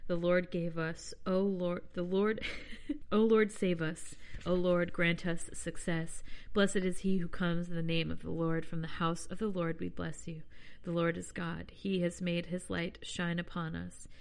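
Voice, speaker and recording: A woman podcast host reading scripture aloud in a plain, unhurried voice, breaking off now and then for chatty, self-deprecating asides. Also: on the low side, little pitch movement, vocal fry.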